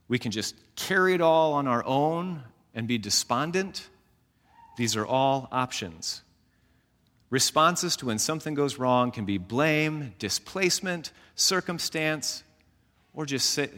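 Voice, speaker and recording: A man teaches from scripture in an animated way, with a voice that rises and falls a lot. He slips in self-aware jokes as he explains. His words ring out with a long reverb. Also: mid-range voice, measured pace. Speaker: Bible teacher. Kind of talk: teaching sermon.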